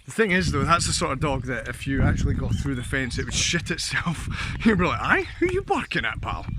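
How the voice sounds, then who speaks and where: A man's voice: medium pitch, fairly quick, background noise. A Scottish man rambling chattily as he walks outdoors and talks to his handheld camera. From Scotland. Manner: rambling, chatty, laughs often. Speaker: vlogger. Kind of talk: casual walking vlog. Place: outdoors on a walk past houses. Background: dogs barking.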